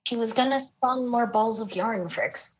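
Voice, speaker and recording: A woman's voice: fairly high pitch, unhurried, low-quality recording. A woman playing a tabletop game on a live stream, playfully defending her character. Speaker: player.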